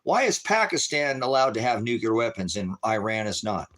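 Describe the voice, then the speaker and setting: Middle-aged man, livestream preacher type, bright forceful delivery, profane and combative with chat. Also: lowish voice, sing-song, normal speed. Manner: profane, shouting at chat viewers. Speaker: livestream ministry host. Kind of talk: angry livestream rant.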